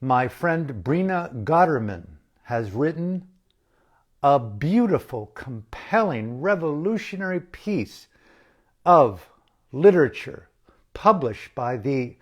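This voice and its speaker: A man gives an impassioned address as an activist speaker, slow and emphatic, with dramatic pauses and repeated phrases. His voice is medium in pitch and a little mellow.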